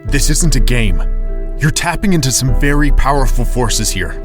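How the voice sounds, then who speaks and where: A stern fantasy summoner and mentor with a grave, commanding delivery, played by a man. It is a demo reel clip with music clearly running behind him. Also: medium pitch, animated, normal speed, close to an everyday voice. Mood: stern warning. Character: stern male mentor and summoner of dark forces.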